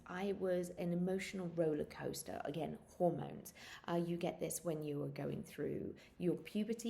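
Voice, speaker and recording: A woman in her thirties casually telling animated stories, laughing and jumping into high squeals when she acts out what people said. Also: vocal fry. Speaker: vlogger sharing pregnancy experiences. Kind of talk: casual storytelling.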